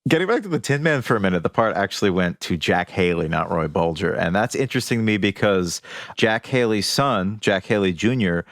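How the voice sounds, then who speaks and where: A man co-hosting a podcast, relating facts in a relaxed chat with wry asides. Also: lowish voice, brisk, no room sound, studio quality. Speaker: podcast co-host. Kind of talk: casual chat.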